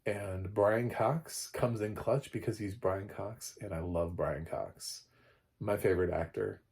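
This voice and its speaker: A man giving a casual, digressive film review, opinionated and quick to laugh at his own slips. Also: fairly low pitch, vocal fry, darkish tone. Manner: opinionated, playfully exaggerated.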